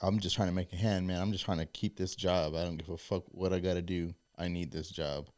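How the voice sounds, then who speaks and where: A man's voice: low voice, fairly even intonation, a little fast, darkish tone, dry recording, studio quality. A man hosting a podcast, chatting casually and bluntly, with a lot of swearing. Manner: blunt, profane. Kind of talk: casual chat. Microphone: studio microphone.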